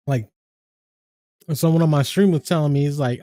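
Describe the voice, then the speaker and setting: A man's voice: on the high side, fairly quick, pauses often, dark tone, no room sound. A man, chatting casually and rambling on his game stream, swearing freely and laughing often.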